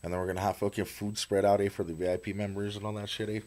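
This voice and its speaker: A man's voice: fairly low pitch, level tone, racing, darkish tone. A man, a podcast guest, talking casually in a small studio, swearing a lot and ending lines with a tag question. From New Mexico, South Valley. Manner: laid-back, swears a lot, tags lines with "eh". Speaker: guest, event organizer. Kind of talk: casual chat.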